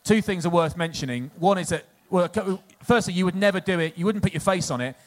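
A man from England with a slightly higher voice spins a rambling anecdote for a live crowd. He is loose and chatty and laughs at his own stories. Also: quick pace. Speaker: podcast co-host, former rugby player. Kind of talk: casual anecdote-telling before a live audience.

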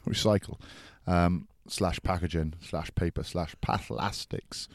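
Low-voiced man in dry banter. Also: steady tone, slow pace, no room sound. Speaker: podcast co-host, former rugby player. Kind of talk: casual chat.

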